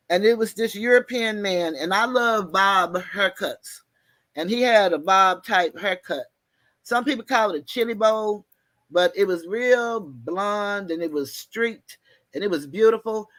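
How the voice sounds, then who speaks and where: A woman telling a story in an animated, folksy way, mixing slang and cussing. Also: mid-range voice, measured pace, dry recording. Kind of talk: casual storytelling.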